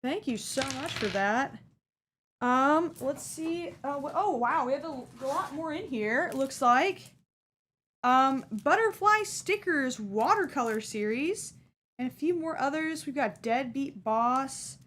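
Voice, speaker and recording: A woman's voice: high voice, animated, unhurried, fairly bright tone. A woman streaming herself opening a fan's care package, chatting casually and gushing with delight over each item. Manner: bubbly, gushing, easily delighted. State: hiccups. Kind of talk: casual unboxing chat.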